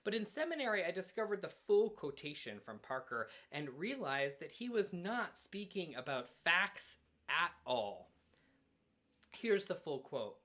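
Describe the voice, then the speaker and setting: A male minister giving a sermon at a church, earnest and measured, with dramatic pauses. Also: sits high, sing-song, pushed and bright. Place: church sanctuary.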